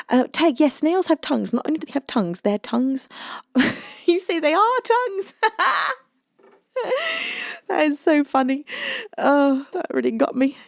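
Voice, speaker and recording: British female streamer, playful and giggly, warm mellow tone, dry and close. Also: high voice, no room sound. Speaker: music streamer host. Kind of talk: casual live-stream chat reading viewer comments.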